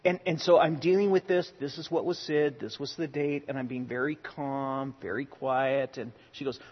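A man preaching a sermon in a conversational way, telling personal stories, sometimes loud and sometimes hushed. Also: mid-range voice, fairly even intonation, moderate pace, hardly any pauses, big-room sound, highs cut off. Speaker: pastor.

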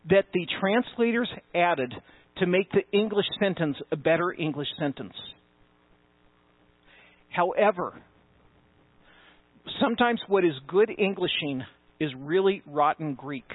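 Male pastor, sermon delivery, high voice, emphatic, thin phone-like audio. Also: a little slow, pauses often, no room sound. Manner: emphatic, rising with conviction, conversational asides. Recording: tinny phone-like sound, dry.

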